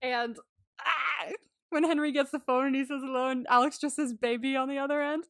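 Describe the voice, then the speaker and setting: A woman's voice: high-pitched, a little fast, no echo, clean studio sound. A woman co-hosting a podcast, chatting casually and animatedly, laughing often and acting out lines as she recaps. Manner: animated and giggly, acting out quotes; swears freely. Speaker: podcast co-host. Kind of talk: casual chat recapping a movie.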